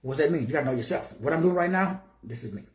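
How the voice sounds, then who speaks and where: A man's voice: a little high, expressive, racing, roomy sound. Preachy older man from Texas. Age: 60s. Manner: preachy, rhetorical questions, greets viewers by name. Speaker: motivational speaker. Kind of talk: motivational livestream talk. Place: his office.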